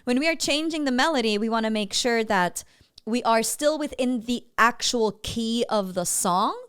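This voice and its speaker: Female vocal coach, smooth resonant tone, slightly high, chatty feedback with sung examples. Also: animated, normal speed, a bit bright. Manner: explains in a chatty way and sings short demo phrases. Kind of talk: coaching feedback on singing clips.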